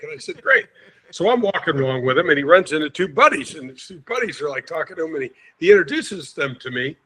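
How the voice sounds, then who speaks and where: A man in his sixties from St. Louis, a podcast guest telling an animated anecdote and acting out the quotes. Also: a little high, quick pace, breathy edge. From St. Louis, USA. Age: 60s. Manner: lively storyteller, acts out quotes, chuckles often.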